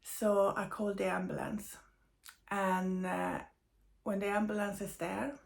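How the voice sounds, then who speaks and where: Gravelly-voiced grieving woman, halting. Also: mid-range voice, level tone. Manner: halting, emotional, with many pauses and fillers. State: tired and grieving. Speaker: medium sharing personal news. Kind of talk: personal storytelling.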